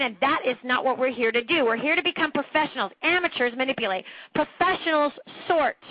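A woman's voice: sits high, no room sound, dull audio. A woman coaching listeners on a training call, talking emphatically and slipping into mocking impressions. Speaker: sales trainer. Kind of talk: motivational training talk on a group call.

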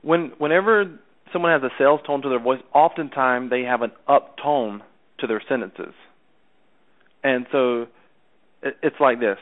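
A sales coach talks someone through things over a tinny phone line, chatty and often repeating himself while checking he's understood. His voice is medium in pitch at a moderate pace, with long pauses.

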